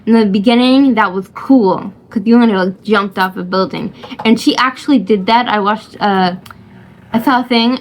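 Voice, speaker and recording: A woman rambling casually about a film she watched, hesitant and giggly, full of fillers and restarts. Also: medium pitch. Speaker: vlogger reviewing a film.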